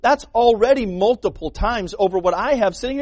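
Male pastor, high tenor, emphatic sermon delivery, dry close recording. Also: brisk, few pauses, a little mellow, dry recording. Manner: emphatic preaching, acts out quoted voices, repeats words.

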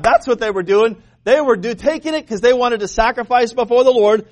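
A man preaching a sermon as pastor, animated and joking, asking the congregation questions. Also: extremely high pitch, brisk, few pauses.

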